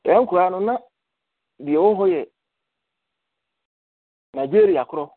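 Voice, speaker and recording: A man's voice: a little high, a little fast, creaky, pauses often, no echo. An older man reminiscing in casual chat, telling stories and mixing in English words. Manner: storytelling, mixing English words into his speech. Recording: tinny phone-line call.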